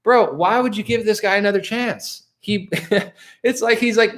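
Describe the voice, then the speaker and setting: Speaking high-pitched and a little slowly, with a somewhat bright tone, a young man casually chats with his livestream audience. He rambles, laughs frequently, starts over, does impressions, and peppers everything with "bro" and "dude."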